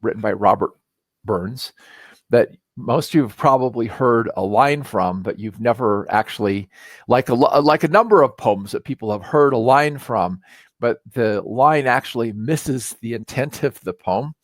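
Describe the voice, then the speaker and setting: A man teaching a recorded lesson, explaining casually with fillers and reading verse slowly with emphasis. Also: medium pitch, no echo. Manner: explains in a relaxed, conversational way with fillers. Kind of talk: recorded lecture.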